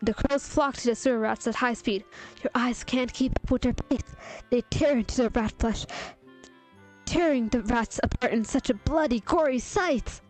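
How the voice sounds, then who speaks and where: A woman's voice: fairly high pitch, moderate pace, darkish tone. A young woman reading fanfiction aloud in a playful, giggly way, stopping to react to her own story. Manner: playful, giggly, breaks off to comment. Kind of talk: casual dramatic reading of fanfiction. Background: faint music.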